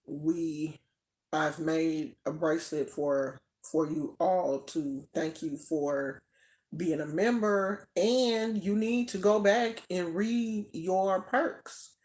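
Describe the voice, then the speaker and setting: A woman's voice: lowish voice, a little mellow. An older woman hosting a spiritual channel, chatting casually on a livestream in a rambling way. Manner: chatty, rambling, with fillers and restarts. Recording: roomy echo.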